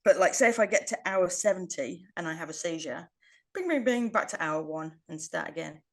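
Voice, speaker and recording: Wry, lower-voiced woman, laughing often. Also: animated, brisk. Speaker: podcast co-host. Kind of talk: casual chat.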